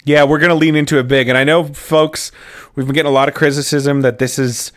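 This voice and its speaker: A man's voice: fairly high pitch, steady tone, quick pace, a bit bright. A man co-hosting a comedy film podcast in casual chat, playful and riffing. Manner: playful, riffs and repeats phrases. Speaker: podcast co-host.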